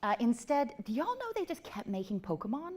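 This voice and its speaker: A woman's voice: fairly high pitch, sing-song, a little mellow. Playful woman giving a tech talk. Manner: playful, self-mocking, quick asides. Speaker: conference speaker. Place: event venue before a live audience.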